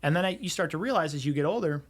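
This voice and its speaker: A man's voice: a little high, lively intonation, very fast, husky. A man in his forties on a podcast, telling his story in a rambling casual way with many fillers and restarts. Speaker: podcast guest, real estate entrepreneur.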